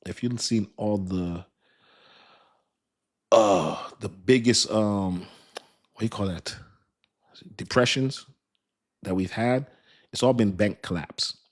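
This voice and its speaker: Laid-back, rambling man with a low voice. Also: darkish tone. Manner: loose, rambling, slangy, laughs often. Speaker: crypto video host. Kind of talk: casual talk to camera.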